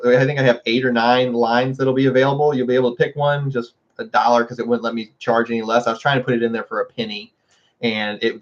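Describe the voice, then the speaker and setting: A man hosting a casual livestream, chatting with viewers and laughing often. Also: lo-fi sound. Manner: chatty, laughs often, scolds his dogs in a high voice. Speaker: livestream host.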